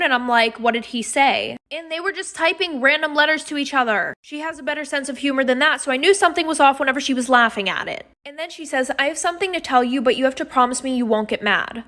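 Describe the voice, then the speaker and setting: A woman's voice: sits high, pushed and bright. A young woman narrating personal storytimes in a chatty, dramatic way with sarcastic asides.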